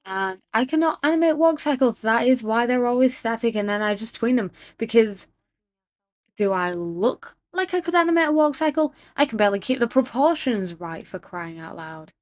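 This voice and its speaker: A woman chatting excitedly in a casual voiceover about her own animation, self-deprecating and talking straight to her viewers. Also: fairly high pitch, moderate pace, no echo. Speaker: animator narrating her work. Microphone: home voiceover mic.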